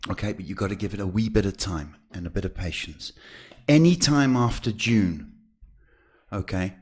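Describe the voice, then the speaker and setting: Chatty South African man giving tarot advice. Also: on the low side. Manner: animated, chatty, calls viewers sweetheart. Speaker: psychic tarot reader. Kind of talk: live-stream reading, casual advice.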